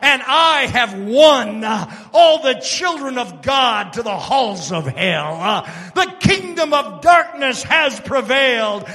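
A man voicing a boastful, gloating male Satan who shouts his triumph, in a large echoing hall. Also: very high-pitched, heavily acted. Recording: long reverb of a large hall.

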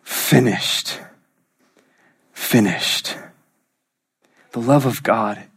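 A man with a medium-pitched voice preaches a sermon as a pastor. His delivery swings between loud, rising lines and hushed whispers.

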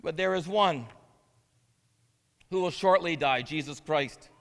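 Slow and a little high, with a slightly bright tone, the interim pastor preaches in the church sanctuary under long reverb. He reads from scripture and offers earnest asides that rise to emphatic proclamation.

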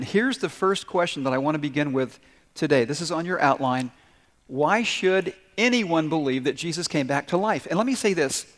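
A man's voice: fairly high pitch, a bit bright, in a large hall. A man preaching a sermon as a pastor, telling stories and talking directly to his congregation. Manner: storytelling, conversational and direct with the congregation.

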